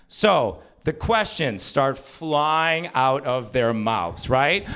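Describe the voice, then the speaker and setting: A middle-aged man tells a comic story into a stage microphone, mocking himself as he goes. His voice sits a little high for a man and swings widely in pitch. He slips into other people's voices in quick bursts. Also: expressive, a bit bright, smooth. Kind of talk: live comedic storytelling. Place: small live venue on stage.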